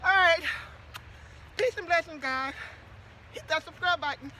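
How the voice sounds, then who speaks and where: A woman's voice: very high voice, unhurried, pauses often, bright, forceful tone, a little hiss or hum. A middle-aged woman vlogging outdoors to her viewers, chatty and playful, getting out of breath. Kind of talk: casual vlog to viewers.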